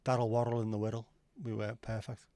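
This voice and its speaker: A man with a lowish, dark voice hosts a livestream, speaking fast with little pitch movement. He rambles and jokes while reading viewer comments, swearing casually. No room sound is audible.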